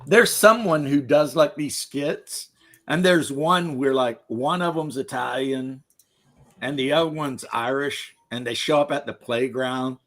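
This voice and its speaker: A man's voice: mid-range voice, measured pace, a bit bright. A man chatting casually on a podcast, who laughs often and tells jokes in a rambling way. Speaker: podcast host. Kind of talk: casual chat.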